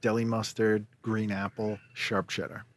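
A man co-hosting a podcast, relaxed, trading dry wisecracks in casual chat. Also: fairly low pitch, unhurried, no room sound. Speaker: podcast co-host.

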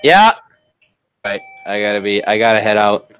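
A man's voice: on the low side, expressive, moderate pace, fairly bright tone, faint music behind, poor audio. A young man co-hosting a casual podcast on a voice call, rambling through crude jokes and laughing a lot. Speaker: podcast co-host. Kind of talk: casual chat.

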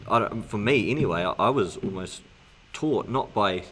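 Deep-voiced man in earnest faith talk. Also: animated, normal speed, a bit bright, husky. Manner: earnest, agreeable, many fillers. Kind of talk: casual faith discussion.

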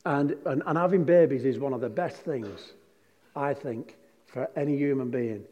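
A man's voice: mid-range voice, moderate pace, darkish tone. A man preaching a sermon, chatty and conversational, putting questions to his congregation. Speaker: pastor. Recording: long hall reverb.

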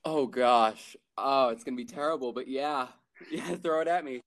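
A man's voice: mid-range voice, moderate pace, a bit bright. A young man who is a college student, a podcast guest chatting casually, laughing often and restarting his sentences while he thinks. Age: young adult. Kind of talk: casual chat.

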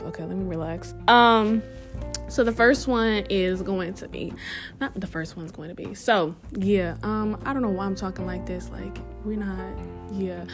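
A young woman hosts her own podcast in a loose, chatty monologue, with a voice of middling pitch. She breaks off with playful asides and hammers home her advice by saying it again. Soft music plays quietly underneath. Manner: emphatic, repeats advice for stress. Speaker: podcast host. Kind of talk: casual reflective monologue.

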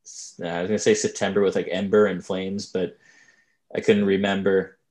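A low-pitched man chatting casually as a co-host. He rambles through wry asides, leaning on fillers and loose tangents. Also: little pitch movement, moderate pace, darkish tone. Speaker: podcast co-host. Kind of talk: casual chat.

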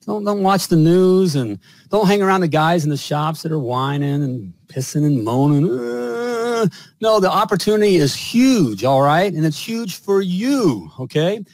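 A man's voice: high-pitched, a little slow, a little mellow, dry recording, poor audio. Hyped, boastful man hosting a podcast. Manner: boastful, hyped, repetitive fillers. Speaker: podcast host. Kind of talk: energetic podcast hosting with sponsor read.

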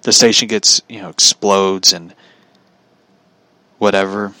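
A man's voice: low voice, fairly even intonation, slow pace, pushed and bright, dry recording. A man telling a story in a casual, opinionated rant, swearing freely and laughing at his own anecdote.

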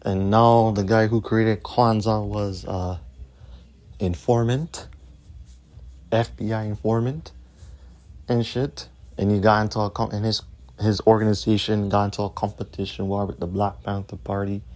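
A man's voice: lowish voice, flat delivery, unhurried, darkish tone. A man hosting his own podcast, ranting in a combative, profane way and repeating his points. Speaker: podcast host.

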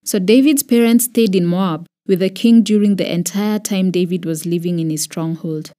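Kenyan woman, audio Bible narrator, measured and expressive, warm mellow tone. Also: on the low side. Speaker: Bible reader. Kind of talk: scripted scripture narration.

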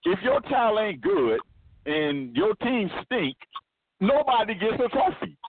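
A man hosting a casual sports podcast, ranting loudly and laughing as he makes his points. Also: sits high, slow. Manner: loud, animated ranting with laughs. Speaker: podcast host. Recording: tinny phone-like line with noise.

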